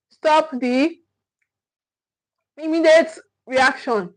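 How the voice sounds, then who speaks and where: A woman's voice: high voice, slow, pauses often, low-quality recording. A woman with a Nigerian accent giving a live-stream talk as a parenting coach, repeating key points with emphasis. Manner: repetitive, emphatic, thanks viewers often.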